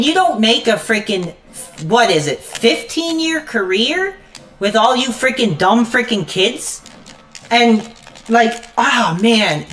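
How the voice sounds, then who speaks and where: A woman's voice: fairly high pitch, a bit bright. A woman live streamer in an angry, profane rant while gaming, stammering and cursing constantly. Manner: repeats "frickin'" constantly.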